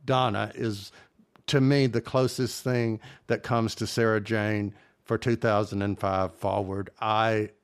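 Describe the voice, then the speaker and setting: A man's voice: lowish voice, little pitch movement, unhurried, smooth. A man co-hosting a podcast, talking playfully in casual chat. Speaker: podcast co-host.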